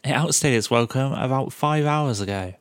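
A man's voice: mid-range voice, moderate pace, smooth, dry recording, clean studio sound. A man hosting a podcast, recapping a video game in a casual, sarcastic way and swearing freely. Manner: sarcastic, swears freely, mocks the game's characters. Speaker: podcast host.

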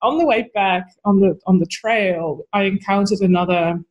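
A woman's voice: medium pitch, normal speed, darkish tone, lo-fi sound. Earnest woman telling a story. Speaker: guest, spiritual activist. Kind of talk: storytelling in a podcast interview.

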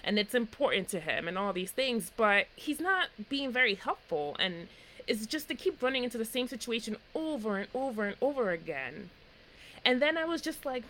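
Woman co-host, lively pitch, playful retelling, faint noise behind. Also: normal speed, rough recording. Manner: animated storytelling, acts out quotes. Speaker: podcast co-host recapping a reality show. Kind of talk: casual chat.

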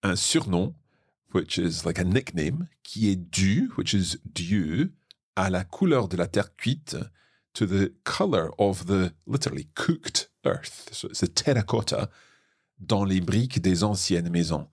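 Scottish man, very low voice, husky, dry close sound, patient language teacher. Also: very animated, a little mellow, dry recording. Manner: patient, measured explanations. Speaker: French teacher and podcast host. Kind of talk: explaining a text line by line.

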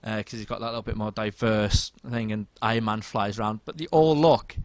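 A man's voice: lowish voice, steady tone, fairly quick, no room sound. A man chatting enthusiastically about video games as a co-host. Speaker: podcast co-host. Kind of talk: casual chat.

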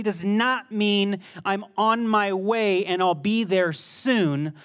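High-voiced, animated male preacher. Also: takes it slowly, clear, resonant tone. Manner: conversational, animated preaching with sudden bursts of intensity. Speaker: pastor. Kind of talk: sermon.

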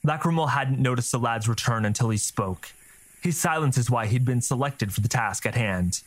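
A man narrating a scripted fantasy story with a steady storytelling delivery. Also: medium pitch, moderate pace.

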